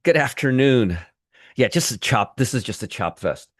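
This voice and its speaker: A man's voice: medium pitch, expressive, moderate pace, no room sound, clean studio sound. A middle-aged man hosting a casual trading livestream, rambling and greeting viewers one by one by name, with frequent restarts. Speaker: trading show host.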